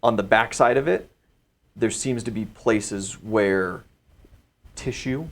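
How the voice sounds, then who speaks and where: Low-voiced male game master. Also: takes it slowly. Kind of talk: narrating a tabletop game.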